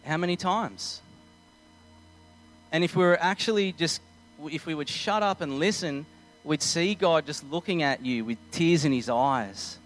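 Earnest man preaching over soft music. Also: fairly high pitch, a little slow, poor audio. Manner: earnest, conversational, acts out little scenes. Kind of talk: sermon.

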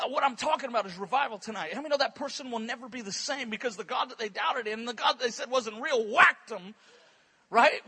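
A guest preacher at a church conference service gives a sermon with storytelling, animated and repeating words in quick bursts. His voice is very high and husky.

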